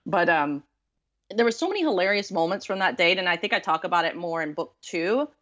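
A woman's voice: lowish voice, animated, brisk, a bit bright, dull audio. A woman from the American South, an author, telling dating stories in a casual, self-deprecating way with many fillers. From Southern US, Texas. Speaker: author guest. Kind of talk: casual storytelling interview.

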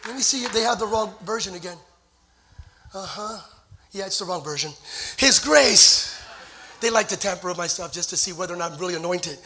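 A man in his forties, a pastor preaching a sermon to his church, telling a story and building to shouted climaxes. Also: high voice, fast talker, noisy background. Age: 40s. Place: church sanctuary.

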